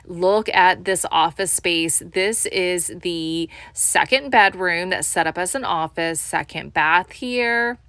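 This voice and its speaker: A woman's voice: lowish voice, takes it slowly, few pauses, a bit bright, smooth, no room sound. An enthusiastic woman giving a home tour as a real estate agent, often calling out to viewers as "you guys.".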